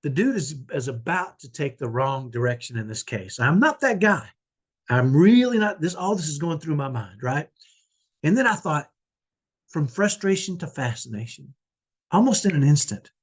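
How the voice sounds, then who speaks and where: A man's voice: a little high, big pitch swings, moderate pace, slightly rough. A man talking about his life as a parent, telling a personal story in a conversational way and often tagging his sentences with "right?". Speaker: parent vlogger.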